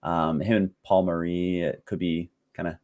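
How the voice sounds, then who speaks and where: Low-voiced man, easygoing podcast guest. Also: little pitch movement, moderate pace, darkish tone. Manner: easygoing, with frequent "uh" fillers. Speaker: podcast guest, league expert. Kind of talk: casual chat.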